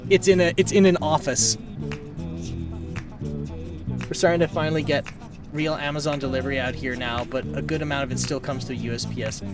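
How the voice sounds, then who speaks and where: A man live-streaming tells a rambling, exasperated story, chatting casually and cursing now and then. His slightly high voice is fairly even and brisk with frequent pauses, and it's picked up far from the mic beneath loud music.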